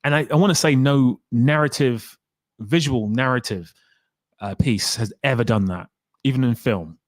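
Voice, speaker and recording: A man's voice: medium pitch, moderate pace, no room sound. Chatty man hosting a livestream. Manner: chatty, rambling, reads comments aloud. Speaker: livestream host. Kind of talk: casual livestream chat.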